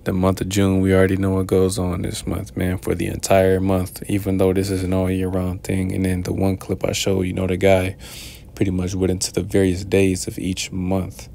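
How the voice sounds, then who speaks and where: A man's voice: low voice, monotone, normal speed, vocal fry, warm tone, slight background noise. A man hosting a commentary show, reacting to clips in a preachy, rambling way full of filler words. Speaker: commentary channel host.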